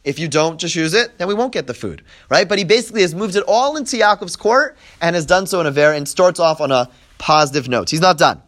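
A man teaches a Bible text-study class at a quick pace with few pauses, his voice high-leaning, expressive, and a bit bright. He reads and translates verses line by line, dramatizes the quoted speakers, and checks in step by step with "right?"

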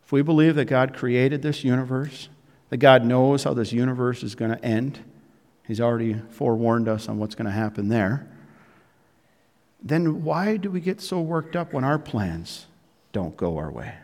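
Male pastor, mid-pitched, preaching in a church with a long hall echo. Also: darkish tone. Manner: preaching with rising emphasis and pauses, addressing the congregation. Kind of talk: sermon. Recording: echoey hall with long reverb.

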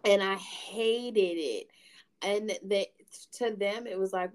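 A woman's voice: mid-range voice, slow pace. Candid, cursing woman podcast host. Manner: candid, swears freely, storytelling. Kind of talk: casual chat.

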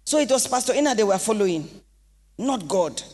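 A Nigerian woman pastor delivering an impassioned sermon with sing-song rises and shouted exclamations in a church hall. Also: mid-range voice, animated, brisk. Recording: long reverb of a large hall.

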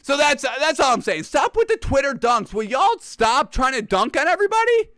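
A man's voice: very high voice, very animated, normal speed, sharp tone, no echo. A man hosting a sports talk show, ranting emphatically to camera and repeating his points. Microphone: camera mic.

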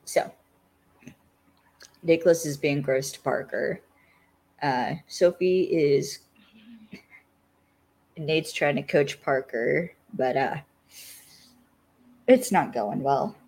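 A woman's voice: low voice, slow, pauses often, a little mellow, husky. A woman co-hosting a casual podcast, recapping an episode with wry asides. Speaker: podcast co-host.

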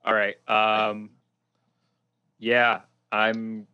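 A man's voice: fairly low pitch, completely flat delivery, extremely slow, bright, forceful tone, clean tone, muffled recording. A man playing in a tabletop role-play, hesitant and playful, with many fillers. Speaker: player.

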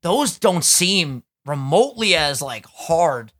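Young podcast guy, bright kinda high voice, hyped, swears and laughs a lot. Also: slow pace. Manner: excitable, swears freely, laughs often. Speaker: podcast host. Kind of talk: casual podcast chat.

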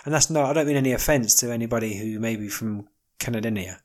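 A man's voice: mid-range voice, fast. Rambling, wry man talking solo. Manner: rambling, wry, jokey asides with many fillers. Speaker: podcast host. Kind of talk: casual solo monologue.

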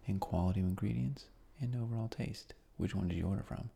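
A man hosting a sleep podcast, recapping in a relaxed, rambling way that often drops into a whisper. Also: lowish voice, fast, vocal fry, hardly any pauses, slightly rough. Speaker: podcast host.

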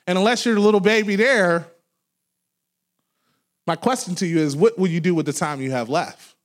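A man in his thirties, a pastor preaching a sermon, loud and animated as he tells stories with laughs. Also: high-pitched, moderate pace. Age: 30s. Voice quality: loud talker. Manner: animated storytelling with laughs and acted quotes. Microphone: handheld microphone held away from mouth.

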